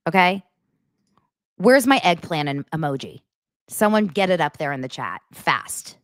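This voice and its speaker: A woman's voice: low-pitched, expressive, unhurried, long pauses, dry recording, clean studio sound. A woman hosting a live commentary show, reading out messages and reacting with incredulous, laughing remarks.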